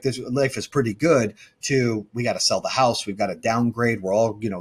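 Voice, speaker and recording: Fast-talking husky man telling his story. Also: mid-range voice. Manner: fast, blunt, emphatic, self-correcting. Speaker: guest, company founder. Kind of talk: candid interview storytelling.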